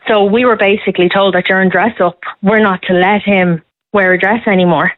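A woman's voice: mid-range voice, fairly even intonation, dry recording. A woman, calling in to a radio show and chatting emphatically about parenting. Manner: chatty and emphatic, quick laughs. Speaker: caller. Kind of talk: casual radio phone-in chat. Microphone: phone. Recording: tinny phone line, dry.

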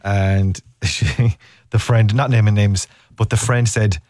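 An Irish man in his thirties hosting a radio show, telling stories in a playful, chatty way with quick asides. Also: fairly low pitch, steady tone, a little mellow, no echo, soft background music. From Ireland. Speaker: radio host. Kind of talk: casual radio chat.

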